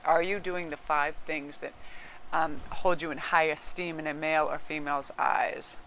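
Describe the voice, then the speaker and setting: A woman's voice: low-pitched, a bit bright, slight background noise. A woman giving a casual tarot reading, chatting with her viewers and aside to her cat. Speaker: tarot card reader.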